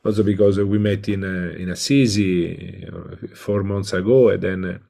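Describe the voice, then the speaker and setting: Gravelly-voiced Italian man lecturing. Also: sits low, little pitch movement, moderate pace, warm tone. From Italy. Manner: hesitant, many filler sounds. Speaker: professor, invited lecturer. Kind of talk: online welcome talk.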